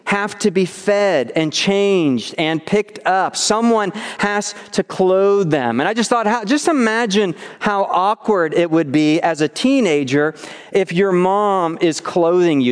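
A man's voice: fairly high pitch, a little slow, clean tone. A young man preaching, reading scripture and then talking casually with stories from childhood. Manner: casual storytelling, acts out whiny child voices. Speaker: youth pastor. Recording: reverberant hall.

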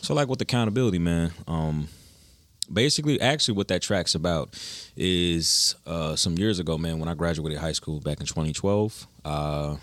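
Laid-back young man, deep voice, slangy stories. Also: normal speed, fairly bright tone, no room sound. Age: young adult. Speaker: guest musician. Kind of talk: casual interview chat.

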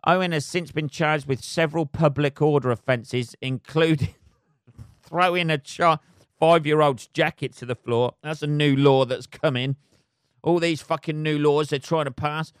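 A man's voice: fairly high pitch, steady tone, measured pace, smooth, no echo, studio quality. A man hosting a solo podcast, ranting sarcastically with lots of swearing and filler words. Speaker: podcast host. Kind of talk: casual solo podcast rant.

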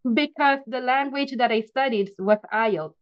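A woman from the Philippines, a podcast guest telling her story in a casual interview, animated and quick to laugh, often restarting her sentences. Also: a little high, no room sound, highs cut off.

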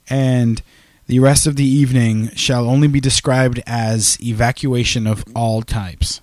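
A man's voice: mid-range voice, measured pace, dry recording. A man co-hosting a podcast, trading sarcastic, profane jokes in casual banter. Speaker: podcast co-host.

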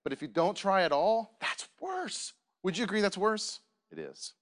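A man's voice: high voice, very animated, moderate pace, hardly any pauses. Man preaching with lots of rhetorical questions. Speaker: pastor. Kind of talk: sermon.

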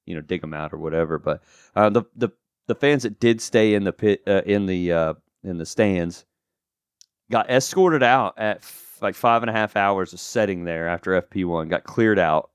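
A man's voice: sits low, moderate pace, clear, resonant tone, no room sound, studio quality. A man co-hosting a casual podcast chat, rambling with lots of asides and fillers. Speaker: podcast co-host.

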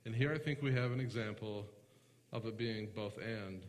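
A man preaching a sermon as pastor, talking with the congregation and asking them questions, slowing down when reading scripture and often clearing his throat. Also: on the low side, big-room sound. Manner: conversational, asks the congregation questions; slows down to read scripture aloud.

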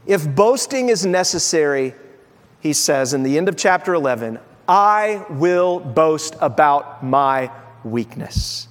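A man with a high voice preaches a sermon, talking to his congregation in a loose, self-deprecating way and slipping into little acted-out quotes. His voice rings with the long reverb of a church hall. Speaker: pastor.

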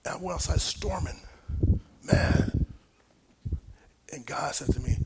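A middle-aged man preaching a sermon, telling a personal story with big swings from whispers to loud, laughing exclamations. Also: fairly high pitch, measured pace, vocal fry, very noisy. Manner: animated storytelling, dropping to whispers and rising to near shouts.

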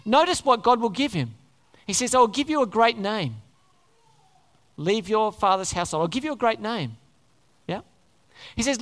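A preacher giving a sermon to a live congregation, talking in an animated way and often putting questions to the listeners. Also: medium pitch, moderate pace, pauses often. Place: large hall before a congregation. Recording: long hall reverb.

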